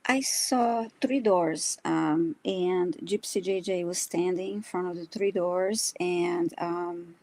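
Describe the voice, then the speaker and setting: A woman co-hosting a live stream, giving psychic messages slowly and hesitantly, with many pauses. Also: fairly low pitch, a little mellow, dry recording, poor audio. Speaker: psychic reader, co-host. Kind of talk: live-stream spiritual reading.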